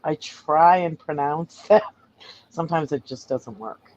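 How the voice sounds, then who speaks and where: A man with a Massachusetts accent and a fairly high voice chats away, laughing easily as he talks. The sound is dull and lo-fi. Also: a little mellow. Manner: chatty, quick to laugh. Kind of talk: casual banter.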